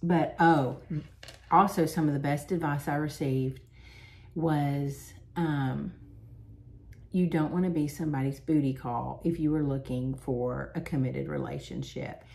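A low-pitched woman with vocal fry, in her forties and from the Southern United States, does her makeup on camera. This beauty vlogger is chatty and animated, quick to laugh through her stories.

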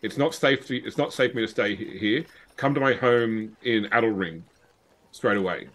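Brief: male game master voicing a scared middle-aged cultist, low voice, earnest and urgent. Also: normal speed, a bit bright, natural voice, poor audio. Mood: pleading. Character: frightened middle-aged male cult member pleading for help.

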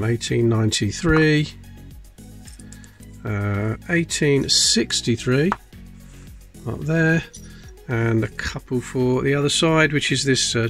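This coin-collecting host has a gravelly, mid-range voice. He keeps up a chatty, self-mocking commentary while going through pennies, muttering under his breath whenever he peers in for a closer look.

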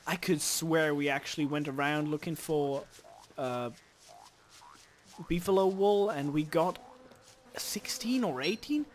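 Excitable gamer man cursing at spiders. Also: a little high, a little slow, long pauses. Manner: animated, swears at game creatures, sudden loud outbursts. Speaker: let's play host. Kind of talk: casual gameplay commentary.

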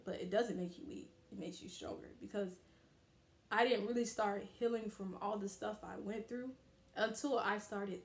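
A woman's voice: medium pitch, vocal fry. Candid young woman vlogging in an echoey room. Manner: candid, emphatic, repeats phrases for emphasis. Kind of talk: casual motivational vlog talk. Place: her bathroom.

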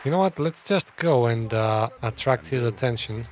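A man's voice: mid-range voice, expressive, moderate pace, music in the background. Man muttering game plans to himself. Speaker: gameplay commentator. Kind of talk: casual let's-play commentary.

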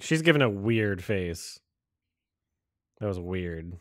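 A man's voice: low-pitched, sing-song, slow, dry recording, studio quality. A man casually commenting on a movie as he watches it, rambling, swearing and incredulous. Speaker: host reacting to a film.

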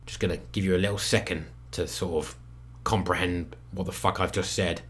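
A young man reviewing a film in a sarcastic comedic commentary, swinging between loud outbursts and muttered asides. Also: low-pitched, fairly even intonation, brisk, slight background noise.

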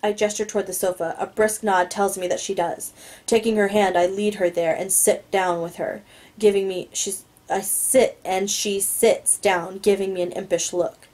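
Mellow-voiced woman reading a novel aloud. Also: medium pitch, steady tone, normal speed, rough recording. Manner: stumbles on words, adds asides. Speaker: reader.

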